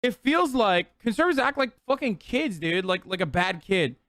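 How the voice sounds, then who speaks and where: A man's voice: sits high, sing-song, moderate pace, pushed and bright, no echo, studio quality. A man streaming live, reacting to clips with a heated, profane rant.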